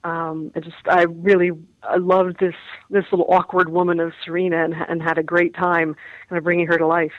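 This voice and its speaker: A woman's voice: lowish voice, little pitch movement, fairly quick, no room sound, narrow, tinny audio. A woman, an actress, chatting in an interview, laughing often and restarting her words. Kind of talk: casual interview chat.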